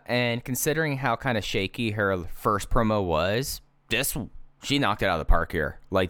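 A man's voice: on the low side, fairly bright tone, smooth, no echo, clean studio sound. A man in casual podcast chat who argues his point and stumbles on repeated words. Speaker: podcast co-host.

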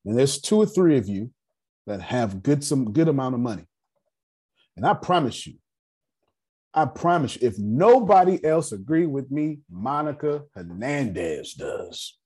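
A man in his thirties, medium-pitched with big pitch swings, unhurried, a little mellow and with a breathy edge, speaks to a group about personal finance. His storytelling is animated and emphatic, full of repeated key phrases and blunt humor.

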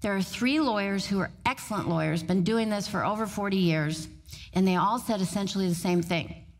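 A middle-aged woman giving a motivational talk on stage, storytelling in an animated way and laughing often. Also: mid-range voice, fairly quick. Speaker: motivational speaker.

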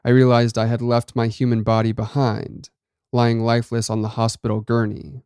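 A man narrating a first-person story in a measured, dramatic reading. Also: medium pitch, completely flat delivery, a little mellow, clean tone, no room sound, studio quality.

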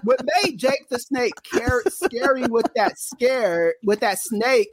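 A man co-hosting a casual wrestling podcast, talking in an animated, opinionated and teasing way. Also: very high voice, slow pace, no echo, studio quality. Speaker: podcast co-host.

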